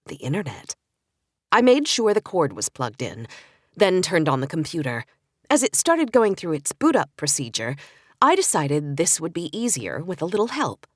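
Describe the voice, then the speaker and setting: A woman narrates a cozy mystery audiobook in the first person, in a lowish voice with a wry, storytelling touch. Her pitch rises and falls a lot. The sound is dry and close, with no room behind it. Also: no echo.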